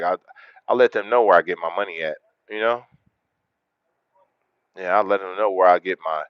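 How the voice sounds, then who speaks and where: A man hosting a casual livestream, talking to viewers in a relaxed, slangy way. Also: on the low side, smooth, no room sound, lo-fi sound. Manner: laid-back, slangy, talks straight to chat. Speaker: livestream host.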